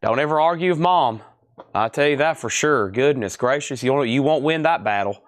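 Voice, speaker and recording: A man's voice: medium pitch, lively intonation, moderate pace, dry recording, studio quality. A man running a live record auction stream, rattling off prices and bidder names with chatty asides to viewers.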